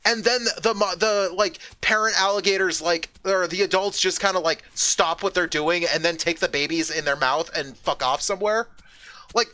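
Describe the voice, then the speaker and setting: A man streaming a game, chatting casually in a rambling, profane way with excited outbursts. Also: high voice, normal speed. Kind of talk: casual chat while gaming.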